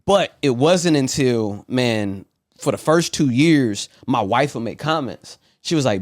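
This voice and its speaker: A man's voice: medium pitch, expressive, moderate pace, no room sound, studio quality. Laid-back storytelling pastor, a man. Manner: laid-back storyteller who laughs often. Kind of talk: casual conversation.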